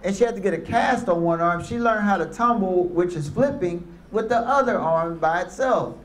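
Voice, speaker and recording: High-voiced man addressing an audience. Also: moderate pace. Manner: storytelling with call-and-response. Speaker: motivational speaker. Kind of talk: motivational speech to youth and parents. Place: room with a live audience. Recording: echoey room.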